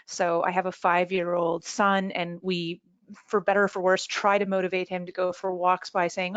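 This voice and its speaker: A woman's voice: fairly low pitch, fairly even intonation, normal speed, no room sound. Earnest mother asking a question on a call. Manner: earnest, explains at length. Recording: dry, dull lo-fi video call audio.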